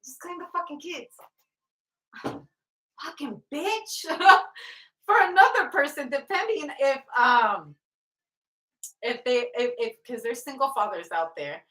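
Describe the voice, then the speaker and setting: A woman's voice: high-pitched, lively intonation, slow, long pauses, sharp tone. A woman giving a casual tarot reading, blunt and profane, often breaking into laughter. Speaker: tarot reader. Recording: roomy sound from off the mic.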